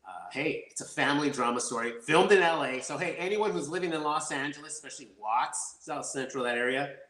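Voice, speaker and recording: A man being interviewed as an actor, talking in a rambling, excitable way and laughing easily. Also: on the high side, fairly quick, reverberant. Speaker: actor guest. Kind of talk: casual interview chat.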